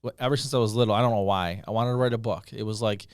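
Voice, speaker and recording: A man's voice: fairly low pitch, fairly even intonation, rapid-fire, clear, resonant tone, no echo, studio quality. A middle-aged man from Utica, New York, telling a story as a guest author, rambling with fillers and restarts. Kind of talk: casual podcast chat.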